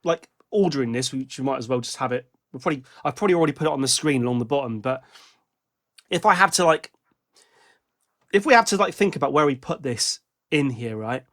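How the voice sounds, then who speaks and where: A man's voice: mid-range voice, animated, quick pace, fairly bright tone. A man co-hosting a casual music podcast, rambling as he talks, often restarting and correcting himself. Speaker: podcast co-host. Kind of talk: casual music-review chat.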